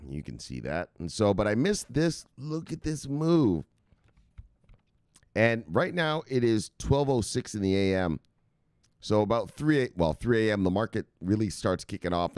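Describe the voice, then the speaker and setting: A man's voice: on the low side, very animated, measured pace, darkish tone, no echo, clean studio sound. A man hosting a crypto news channel, chatting casually and rambling as he reacts to market charts, swearing often and getting hyped. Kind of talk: casual chat, live market commentary.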